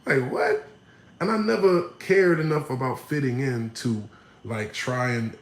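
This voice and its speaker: A man casually telling his life story, often checking in with the listener, growing animated when he acts out other people. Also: medium pitch, unhurried, reverberant, a little hiss or hum, rough recording. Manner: conversational, frequent "you know what I'm saying", animated when quoting others. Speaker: vlogger.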